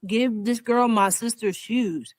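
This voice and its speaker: A woman co-hosting a casual entertainment podcast, talking in an animated, emotional way. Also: on the high side, slow pace, dry recording. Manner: animated, emotional, acts out quotes. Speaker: podcast co-host. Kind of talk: casual chat.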